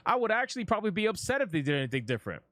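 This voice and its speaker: A man's voice: sits high, very animated, racing, a bit bright, dry recording. A man giving casual, profane reaction commentary on a show, blunt and mocking, rambling with restarts. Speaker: gaming commentator.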